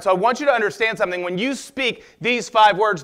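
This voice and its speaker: A man preaching a sermon as pastor, energetic and emphatic. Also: high voice, fairly quick, hardly any pauses.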